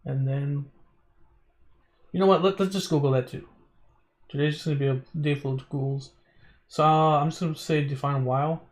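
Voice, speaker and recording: Male streamer, fairly high voice, reads game text aloud, trips on words, casual asides. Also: steady tone, normal speed, pauses often. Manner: casual, stumbles over words, chatty asides. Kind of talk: reading a visual novel aloud on stream.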